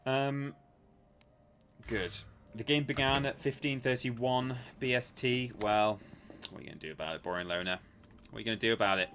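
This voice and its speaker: A man's voice: medium pitch, normal speed, a bit bright, slight background noise. A man hosting a live stream, chatting casually and jokily while reading viewer messages aloud. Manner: chatty, jokey, reads chat aloud with mock defensiveness. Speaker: livestream host.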